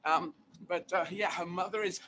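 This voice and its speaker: A man being interviewed as a guest comedian, talking in an animated, emphatic way and repeating phrases for effect. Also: high-pitched, moderate pace, slight background noise. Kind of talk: casual interview chat.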